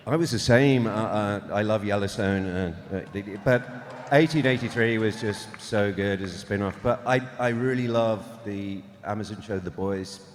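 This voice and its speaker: Low-voiced man, halting and relaxed. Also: big-room sound. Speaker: actor on a panel. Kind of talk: casual panel talk.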